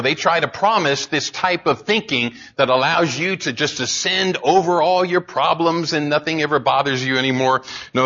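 Male preacher, animated and conversational, repeats for emphasis; bright voice, dull recording. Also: medium pitch. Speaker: pastor. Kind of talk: sermon.

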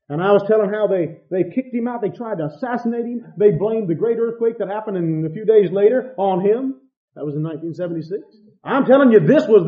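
Impassioned preacher man, high and lively. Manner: impassioned, swings from loud to hushed. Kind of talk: sermon. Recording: dull lo-fi sound.

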